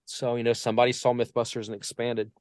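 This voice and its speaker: A fast-talking man with a mid-range voice comes through in clean studio sound without any room sound. As a podcast guest, this Portsmouth-born vocal coach spins lively stories in a casual interview. He acts out the voices of whoever he's quoting.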